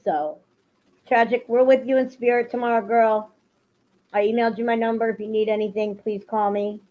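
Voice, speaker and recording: A woman chats on a livestream with a fairly high voice, her feelings running close to the surface and her talk turning into heated ranting. The audio is lo-fi and a bit muffled. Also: steady tone, normal speed. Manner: emotional, swings into angry ranting. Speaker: livestream host. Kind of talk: casual livestream chat to viewers.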